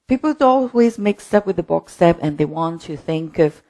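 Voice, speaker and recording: Female dance instructor, low mellow voice with a gravelly edge, chatty, counts steps out loud. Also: animated, moderate pace. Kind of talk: live-streamed dance class. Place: home.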